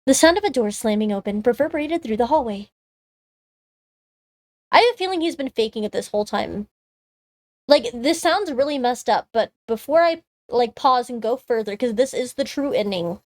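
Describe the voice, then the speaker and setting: A woman's voice: high voice, no echo. A woman streamer reading a story game aloud and chatting about it, with many casual fillers. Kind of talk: reading a visual novel aloud and commenting.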